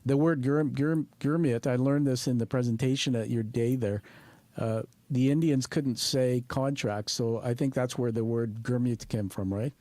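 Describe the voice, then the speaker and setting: A man hosting a podcast interview, friendly and halting as he talks. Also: mid-range voice, fairly even intonation, warm tone, no room sound. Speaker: podcast host. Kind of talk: conversational interview.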